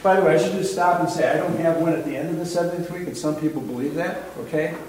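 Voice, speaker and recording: A man teaching a Bible study in a relaxed, chatty way, often checking in with his listeners. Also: fairly high pitch, quick pace, a little hiss or hum. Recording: roomy sound from some distance off the mic.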